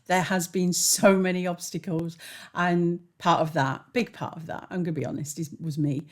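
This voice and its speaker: A woman's voice: lowish voice, fairly even intonation, moderate pace. A woman, a spiritual mentor, hosting her own channel in an earnest, heartfelt, candid monologue to camera.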